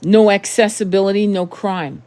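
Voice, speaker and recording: A woman in her thirties speaks straight to camera in a blunt, impassioned monologue. She swears often, presses her points with repetition and rhetorical questions, and talks at a moderate pitch for a woman. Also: fairly even intonation, normal speed, mellow. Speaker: tarot channel host.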